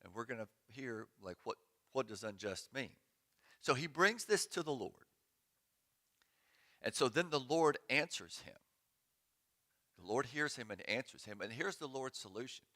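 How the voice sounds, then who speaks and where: A man's voice: medium pitch, animated, a little slow, long pauses, bright, forceful tone. A man giving a sermon as pastor in a church sanctuary, conversational and joking, with sarcastic asides.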